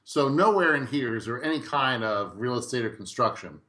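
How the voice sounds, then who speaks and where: A middle-aged man, a guest in a podcast interview, telling his story in a lively way and acting out quoted dialogue. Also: mid-range voice, fairly quick. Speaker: guest real estate investor.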